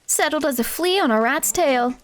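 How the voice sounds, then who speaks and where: A woman's voice: high voice, normal speed, a little hiss or hum, close to an everyday voice. A woman reading the lines of a scrappy, cheeky male street-raised critter from a cozy game.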